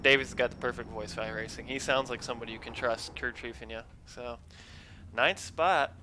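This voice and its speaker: A man's voice: mid-range voice, a little fast, noisy background. A man commentating his own online racing game live, chatting with viewers while he drives. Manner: upbeat, talks to chat while driving.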